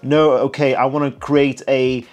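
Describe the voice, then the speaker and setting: A man's voice: medium pitch, little pitch movement, a little slow. Chatty, tired man reacting to perfume footage. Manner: chatty, enthusiastic, self-mocking. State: tired late at night. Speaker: perfume reviewer reacting to a documentary. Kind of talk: casual reaction commentary.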